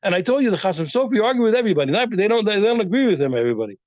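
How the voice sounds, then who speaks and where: A man teaching a daily Talmud class, animated and repeating phrases as he thinks aloud, on a dull lo-fi recording. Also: sits high, very fast, no echo.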